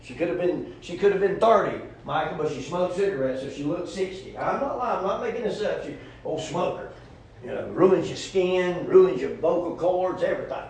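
A man's voice: high voice, lively intonation, moderate pace, a little mellow, roomy sound. A man preaching a sermon in a folksy, rhetorical, joking storytelling manner.

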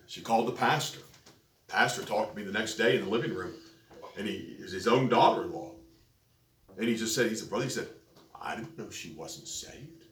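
A man's voice: on the low side, fast talker, pauses often, fairly bright tone. A man preaching a sermon, telling a story and building to emphatic peaks. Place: church sanctuary. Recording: echoey church, distant mic, faint noise.

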